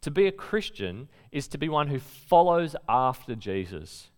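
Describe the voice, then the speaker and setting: A man's voice: mid-range voice, a little slow. A man preaching a sermon in a conversational way, telling stories and quoting speakers with emphasis. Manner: conversational preaching with lively storytelling and emphatic quotes. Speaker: pastor.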